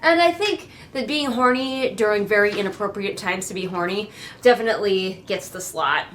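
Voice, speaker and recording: A woman with a nasal voice reviews a book from a chair at home. Her tone is sarcastic and snarky, and her pitch sits in an ordinary middle range. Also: moderate pace, a bit bright, slight background noise. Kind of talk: casual critique vlog.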